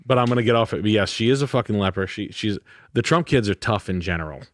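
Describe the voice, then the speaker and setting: Profane man talking low and dry. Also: lively intonation, fast talker, no room sound. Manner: profane, dismissive. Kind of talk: casual chat.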